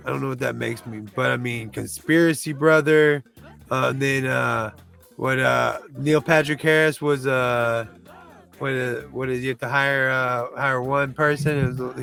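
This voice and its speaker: A man's voice: medium pitch, creaky, a bit bright. A man who reviews movies chats casually through a countdown, rambling loosely, restarting and groping for names.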